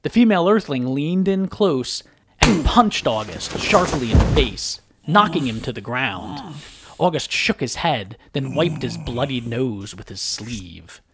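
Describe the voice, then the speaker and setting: A man narrating a first-person story aloud with lively, dramatic delivery. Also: medium pitch, a little slow, creaky, noisy background. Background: background music.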